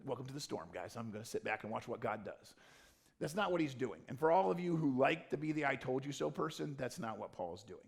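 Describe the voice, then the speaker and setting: A man preaching a sermon as pastor, swinging between loud emphatic lines and low, quiet, intimate ones. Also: big pitch swings, quick pace, vocal fry. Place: church stage or studio.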